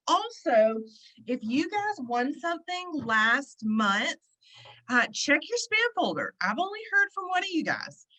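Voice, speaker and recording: A woman hosting an online gathering over a video call, chatty and excitable, with lots of fillers. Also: a little high, poor audio. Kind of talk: casual chat. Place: at the beach, indoors.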